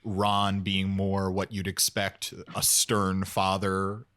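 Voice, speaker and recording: A man's voice: deep voice, completely flat delivery, takes it slowly, fairly bright tone, smooth. A man co-hosting a podcast, chatting casually and enthusiastically, rambling with fillers. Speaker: podcast co-host. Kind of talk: casual chat.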